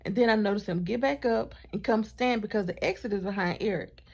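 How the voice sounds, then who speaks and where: A woman vlogger telling a storytime in a chatty, animated way, with asides to her partner off camera. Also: mid-range voice, fairly quick, creaky, slightly rough. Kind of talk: casual storytime vlog.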